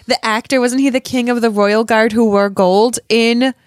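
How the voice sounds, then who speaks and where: A woman co-hosting a podcast in casual chat, playful and quick to laugh. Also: a little high, fairly even intonation, no echo, clean studio sound. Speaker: podcast co-host.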